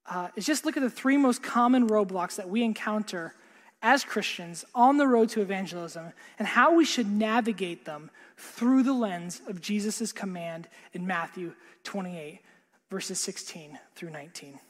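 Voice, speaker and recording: A man preaching a sermon earnestly, repeating words and dropping to a hush for emphasis. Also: sits high, moderate pace. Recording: long hall reverb.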